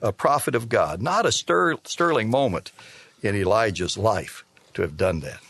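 A man preaching a sermon, reading scripture aloud and explaining it with measured, emphatic delivery. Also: fairly low pitch, expressive, fairly bright tone, breathy edge, dry recording. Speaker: pastor.

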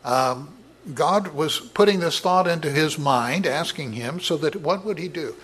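A man preaching a sermon in a halting way, with many filler words and frequent throat clearing. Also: fairly high pitch, animated, a bit bright, a little hiss or hum. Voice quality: husky, clears throat often.

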